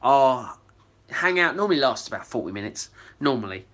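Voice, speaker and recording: Middle-aged host, bright forward voice, loose chatty live-stream delivery. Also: male voice, medium pitch, very animated, normal speed. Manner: chatty, reads out viewer comments, rambling with fillers. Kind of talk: casual live-stream chat.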